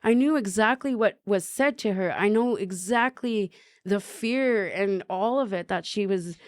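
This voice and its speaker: A woman's voice: medium pitch, measured pace, a little mellow, no room sound, clean studio sound. A woman from Canada, a podcast guest, telling her personal recovery story in an earnest way and often tagging sentences with questions.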